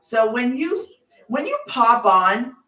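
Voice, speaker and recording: A woman's voice: fairly high pitch, very animated, slow, bright, forceful tone, far from the mic. Brief: middle-aged woman, emphatic livestream host who rambles, recorded on a phone held a little away in a roomy space. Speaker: online business host. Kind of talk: casual livestream chat. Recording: roomy sound, off-mic.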